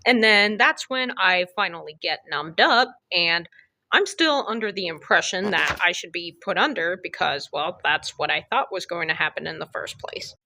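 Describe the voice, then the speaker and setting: A woman's voice: on the low side, bright, forceful tone, no room sound. A young woman telling a comedic storytime, sarcastic and crude, with exaggerated jokes. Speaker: storytime vlogger.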